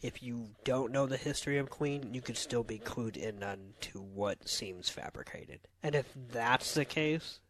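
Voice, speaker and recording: A man co-hosting a casual film review chat, weighing his points in a measured, analytical way. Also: mid-range voice, fairly bright tone.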